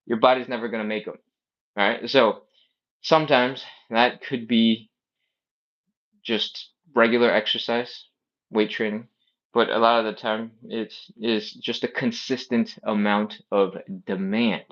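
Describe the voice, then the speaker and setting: Leading a live-streamed stretching session from the floor, a male fitness instructor cues the moves as he performs them, explains casually, and frequently checks in with "all right?" His voice sits on the low side, fairly bright, unhurried, with little pitch movement. The recording is muffled.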